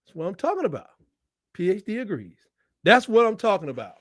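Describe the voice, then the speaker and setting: Man hosting a watch-along, high voice that jumps to yelling, dry close mic. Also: sing-song, a little fast, no room sound. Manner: loud, shouting at big plays, casual Southern slang. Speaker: live watch-along host. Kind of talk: excited game-watch commentary.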